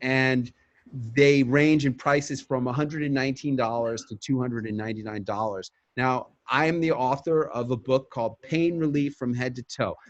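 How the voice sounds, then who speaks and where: A man delivering an upbeat, emphatic sample media pitch, acting it out as if on a phone call. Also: steady tone, normal speed, no room sound.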